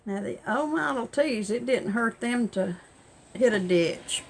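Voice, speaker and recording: Older woman, folksy family storyteller, gravelly, loud sewing-machine hum behind. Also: fairly high pitch, measured pace, rough recording. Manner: folksy, animated in quotes, laughs. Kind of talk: casual oral storytelling. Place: home sewing room.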